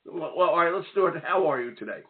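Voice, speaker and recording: A man's voice: fairly high pitch, fast, a little hiss or hum. A man hosting an education talk radio podcast, chatting in a rambling, friendly way. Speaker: host. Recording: phone-like narrow sound.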